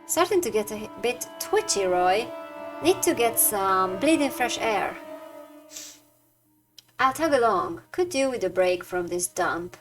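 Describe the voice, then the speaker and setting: Jittery working-class guard, played by a woman, rough slang, animated pitch, faint music behind. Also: unhurried, close to an everyday voice. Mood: nervous. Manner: rough slangy dialect delivery.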